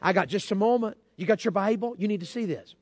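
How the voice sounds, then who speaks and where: A man's voice: sits high, fast talker, no echo. A man preaching a sermon, telling folksy stories and calling out to the congregation. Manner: folksy storytelling, calls out to congregation. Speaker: pastor.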